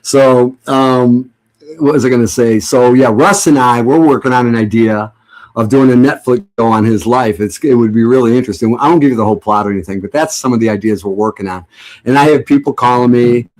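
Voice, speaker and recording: A man's voice: mid-range voice, brisk, a little mellow. Sarcastic rambling middle-aged man. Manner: sarcastic, joking, rambling with restarts. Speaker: livestream host. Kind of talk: casual rambling chat to viewers.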